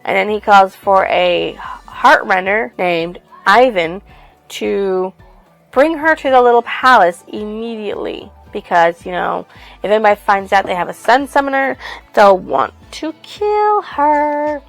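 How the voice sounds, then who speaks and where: Gravelly-voiced woman rambling through a book recap. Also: mid-range voice, normal speed, soft background music. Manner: rambling, loose, with frequent fillers and casual swearing. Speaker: book reviewer. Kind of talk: casual book review retelling.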